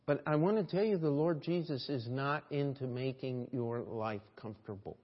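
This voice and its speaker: A man's voice: mid-range voice, normal speed, hardly any pauses. Preaching man in a reverberant church. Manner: preaching with rhetorical questions and voiced scripture quotes. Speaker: pastor. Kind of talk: sermon. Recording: dull lo-fi church audio with long hall reverb.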